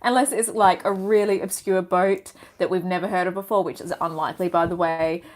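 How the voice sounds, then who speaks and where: A woman's voice: fairly low pitch, fairly even intonation, brisk. A woman co-hosting a live stream, chatting casually in a teasing, matter-of-fact way. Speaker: sailing vlog co-host.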